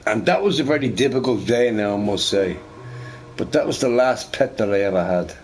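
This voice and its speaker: A man with a fairly low voice chats loosely while he plays a game. He rambles and repeats phrases, and he swears casually. He keeps checking in with "you know, right?". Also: lively intonation, brisk, a little hiss or hum. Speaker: gamer recording gameplay. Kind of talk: casual storytelling over gameplay.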